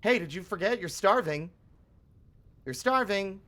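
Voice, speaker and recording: A man mimicking a relentless, mocking video game voice that nags over and over in a high, singsong tone, pitched well above a normal speaking voice. It sounds a little louder and pushier than ordinary talk. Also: expressive, a little slow, exaggerated voice. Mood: nagging. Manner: singsong, repetitive nagging.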